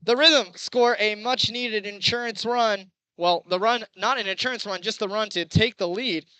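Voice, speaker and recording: Young male play-by-play announcer, bright and crisp, excitable. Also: sits high, moderate pace, no echo, low-quality recording. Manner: chatty, excitable, rises on big plays. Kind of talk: baseball play-by-play commentary.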